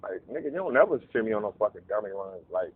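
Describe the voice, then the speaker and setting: A man telling a casual, profane story, animated and acting out voices in quotes. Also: fairly low pitch, quick pace, husky, dry recording. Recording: narrow phone-like dry sound.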